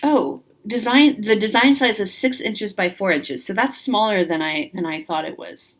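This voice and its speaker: A woman's voice: medium pitch, moderate pace. A woman hosting a craft video, chatting casually and rambling enthusiastically through a magazine. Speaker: craft channel host.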